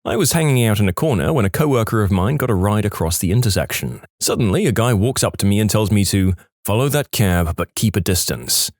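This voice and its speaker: A man narrating online stories in a wry, animated, scripted way. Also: lowish voice, no echo, clean studio sound. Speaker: story narrator.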